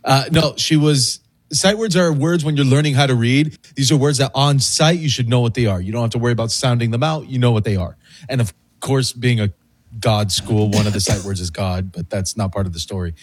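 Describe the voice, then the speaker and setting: A man in his thirties on a talk show, telling a family story in a laid-back, chuckling way with a husky voice. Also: mid-range voice, brisk. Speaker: co-host. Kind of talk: casual storytelling banter.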